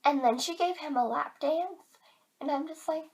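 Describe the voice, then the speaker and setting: A woman's voice: sits high, moderate pace, a little mellow. A teenage girl vlogging to camera in casual chat, chatty and giggly, filling her talk with "like", a bit tired.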